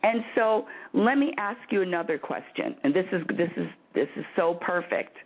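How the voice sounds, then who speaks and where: Animated woman host on a phone line. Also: on the low side, moderate pace. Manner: animated, laughing, repeats words. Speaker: spiritual talk show host. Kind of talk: phone-in radio advice chat.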